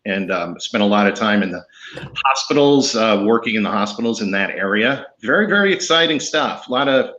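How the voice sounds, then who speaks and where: A man's voice: lowish voice, bright, forceful tone, muffled recording. A man in his fifties from northern New Jersey, with a mixed New Jersey and Boston accent, joking and chuckling as a guest in a casual chat.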